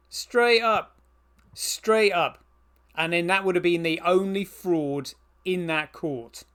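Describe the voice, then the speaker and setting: A man co-hosting a podcast, talking in a halting way with lots of fillers. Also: high-pitched, a bit bright, clean tone. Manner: halting, filler-heavy, agreeable. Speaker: podcast co-host. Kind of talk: casual chat.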